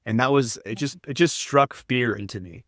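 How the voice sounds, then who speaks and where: A man's voice: medium pitch, moderate pace, fairly bright tone, dry recording. A man speaking as a podcast guest in an earnest, self-deprecating way, hesitating and restarting often. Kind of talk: casual podcast interview.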